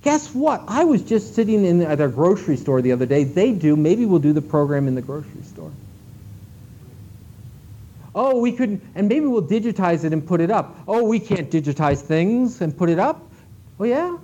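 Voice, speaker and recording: A man giving an animated conference talk to librarians, emphatic and swinging between loud and hushed delivery. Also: high voice, normal speed. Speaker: keynote speaker at a library conference. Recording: dull lo-fi recording with faint noise.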